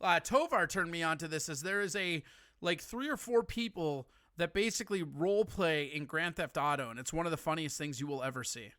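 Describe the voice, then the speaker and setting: Bright-voiced man teasing on a live stream. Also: on the high side, a little fast, dry recording, studio quality. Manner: joking, teasing, profane. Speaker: host of a live call-in stream. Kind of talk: casual crude banter.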